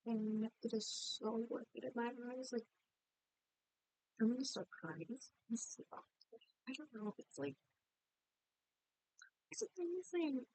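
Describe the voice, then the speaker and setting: A woman's voice: fairly high pitch, animated, slow, pauses often, warm tone, dry recording, poor audio. A young woman, a college student, chatting candidly in a rambling, apologetic way as she narrates her game build, sounding worn out. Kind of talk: casual voice-over chat over a game build. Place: at home by a laptop.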